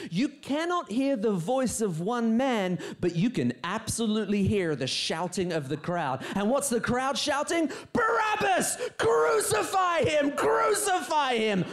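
A preacher giving a humorous, animated sermon to a live church audience, dropping to a quiet voice for emphasis. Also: medium pitch.

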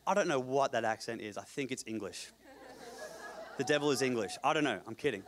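A pastor preaches a sermon at a church service, talking a little fast and swinging between loud, emphatic passages and quiet, low asides.

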